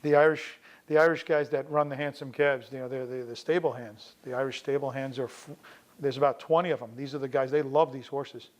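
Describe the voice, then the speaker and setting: A middle-aged veterinarian from the New York area tells a personal story in a relaxed, conversational way. He acts out the lines of the people in it as he goes. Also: mid-range voice, fairly quick, poor audio. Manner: conversational, acts out quoted dialogue in the telling.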